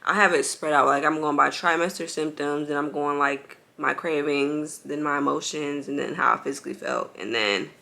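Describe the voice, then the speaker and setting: A woman's voice: low voice, steady tone, moderate pace, vocal fry, few pauses, bright, forceful tone. A young woman telling her story to viewers in a chatty, casual way, full of "like" fillers and calling them y'all, while bouncing on an exercise ball at home with a baby. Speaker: vlogger.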